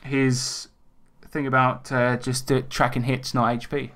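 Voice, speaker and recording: A man co-hosting a tabletop gaming podcast in casual chat, animated and swearing freely. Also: medium pitch, unhurried. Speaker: podcast co-host.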